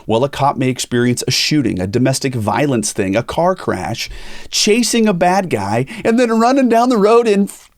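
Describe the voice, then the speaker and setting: A middle-aged pastor who hosts a podcast speaks at normal speed in a medium-pitched voice, recorded dry and clean in a studio. He tells personal stories in candid conversation, animatedly acting out the voices of the people he quotes.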